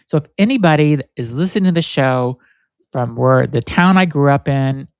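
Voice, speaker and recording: A man's voice: mid-range voice, animated, normal speed, clear, resonant tone, no room sound. A candid male podcast host from Florida talks alone in a loose, rambling monologue. He restarts sentences often and swears freely. His mid-range voice sounds close and dry. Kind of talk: casual solo podcast monologue.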